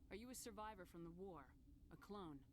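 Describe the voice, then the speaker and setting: Casting: actress as a stern commander, firm and direct, faint hum behind. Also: female voice, mid-range voice, animated, brisk, close to an everyday voice.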